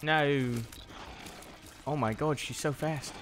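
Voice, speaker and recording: A man's voice: on the high side, fairly even intonation, slow, a bit bright, a little hiss or hum. A young man giving casual commentary while he plays a video game, chatting and talking to the enemies on screen. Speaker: gaming video creator. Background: faint game music.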